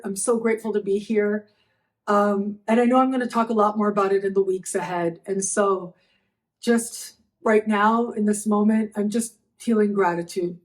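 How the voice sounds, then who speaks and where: A middle-aged woman hosting her astrology channel, speaking to camera after a stretch of bed rest in an emotional, halting way, thanking her viewers again and again. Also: mid-range voice. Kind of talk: heartfelt personal talk to camera.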